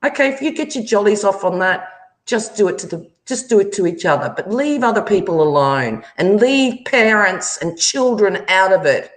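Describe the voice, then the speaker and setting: A woman's voice: mid-range voice, expressive, moderate pace, roomy sound. A woman, hosting a livestream and angrily confronting someone, swearing often. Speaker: livestream host. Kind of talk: angry livestream rant.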